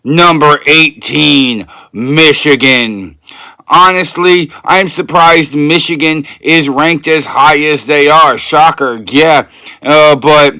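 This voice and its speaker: A man's voice: a little high, takes it slowly, pushed and bright, clear, resonant tone, no room sound. A man hosting his own channel, running through a college football ranking in a chatty, upbeat way that speaks straight to his viewers. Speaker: sports channel host. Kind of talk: casual sports ranking commentary.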